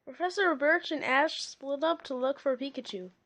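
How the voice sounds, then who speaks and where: A woman's voice: high-pitched, fairly bright tone. A woman reading a children's storybook aloud, breaking off for casual, amused comments. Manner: slow, chatty, amused asides. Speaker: reader.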